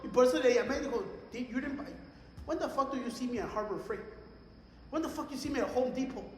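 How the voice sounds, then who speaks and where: A young man with a very high-pitched voice tells lively stories at a quick pace on a casual podcast he co-hosts, mixing profanity, English and Spanish slang. Slight background noise and long reverb from an echoey room fill the recording.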